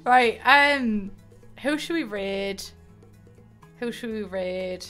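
Bright, tearful woman streamer. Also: fairly high pitch, expressive, slow pace, long pauses. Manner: chatty, self-mocking, rambling with restarts. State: tearful, emotional. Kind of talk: casual end-of-stream chat. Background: soft game music.

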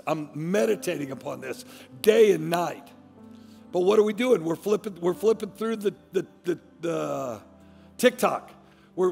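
A middle-aged pastor with a gravelly, slightly high voice preaches a fiery sermon, dropping to near-whispers and then rising to shouts. His words ring out with the long reverb of a large church, and faint music plays underneath.

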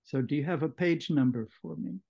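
A man leading a book club discussion, explaining a novel in a measured lecturing way, on muffled audio. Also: on the high side, gravelly, mellow. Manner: measured, explanatory, with occasional restarts. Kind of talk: literary lecture.

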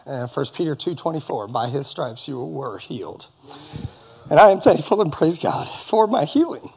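A man's voice: on the high side, sing-song, normal speed, a little mellow, breathy edge. Earnest man giving church testimony. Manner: earnest, folksy, with light humor. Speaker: congregation member giving testimony. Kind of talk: personal testimony at church service. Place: church service in front of a congregation.

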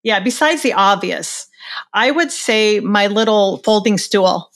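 A woman's voice: medium pitch, animated, unhurried, a bit bright, no echo. An older woman, a portrait photographer, talking in a casual interview with enthusiasm and many restarts. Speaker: senior portrait photographer, guest.

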